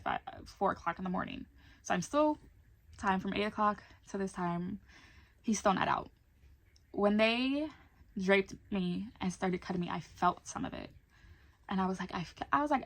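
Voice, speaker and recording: A woman's voice: mid-range voice, gravelly, a bit bright. A young adult woman telling a personal story in a casual vlog, chatty and candid, swearing now and then. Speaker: vlogger.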